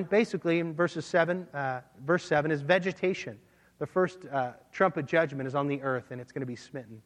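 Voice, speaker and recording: A man preaching a sermon, teaching verse by verse and reading scripture aloud. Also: on the high side. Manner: expository Bible teaching, reads scripture aloud. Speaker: pastor. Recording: long hall reverb.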